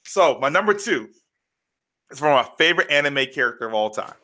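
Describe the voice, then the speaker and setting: This man co-hosts a podcast and chats casually in a mid-range voice at a slightly fast pace. Choked up and nearly crying, he tells stories with lots of energy and plenty of filler words.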